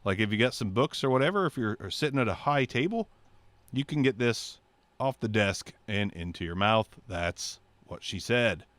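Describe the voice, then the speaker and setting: A man's voice: mid-range voice, lively intonation, brisk, fairly bright tone, dry recording. A man giving a casual, joking microphone review from his home studio, thinking aloud as he tests the gear. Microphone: testing a handheld wireless mic.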